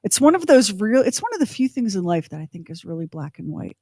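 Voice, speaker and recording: A woman's voice: medium pitch, big pitch swings, fast, mellow, slightly rough, no room sound, studio quality. A middle-aged woman co-hosting a podcast, telling a personal story in an earnest, reflective way. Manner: earnest, reflective, speaking openly about her past. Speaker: podcast co-host.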